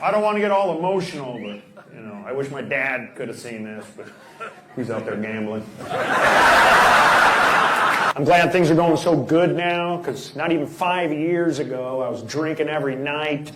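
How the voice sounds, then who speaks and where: Male stand-up comic, slightly high voice, punchy one-liner delivery; echoey theater, loud noise. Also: lively intonation, normal speed. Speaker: stand-up comedian. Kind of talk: stand-up comedy set. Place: large theater stage.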